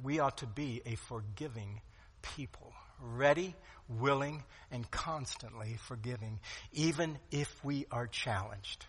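A pastor preaching a sermon with emphatic delivery, swinging from loud to quiet. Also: male voice, medium pitch, expressive, a little slow, slightly rough. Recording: long hall reverb.

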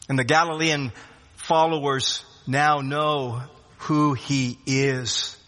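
A man preaching a sermon, swinging between loud rising questions and hushed low drops, often repeating words as he restarts a phrase. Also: steady tone, slow pace. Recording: long hall reverb.

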